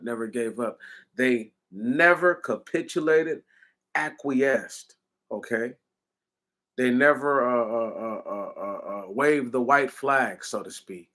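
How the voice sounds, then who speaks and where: A man's voice: medium pitch, fairly bright tone. A man delivering an impassioned commentary, hammering his points with repeated rhetorical questions in a preaching cadence.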